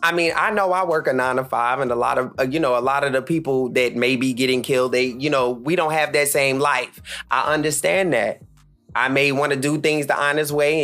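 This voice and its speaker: A man in his thirties from Charlotte, North Carolina, hosting a solo podcast as a blunt, heated rant full of cursing. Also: a bit bright. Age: 30s. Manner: blunt, heated, cursing freely, swings pitch up for emphasis. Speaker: podcast host.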